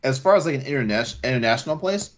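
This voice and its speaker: A man's voice: mid-range voice, lively intonation, fast. A man co-hosting a podcast in casual chat, rambling with many restarts and fillers. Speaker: podcast co-host. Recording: slightly dull lo-fi audio.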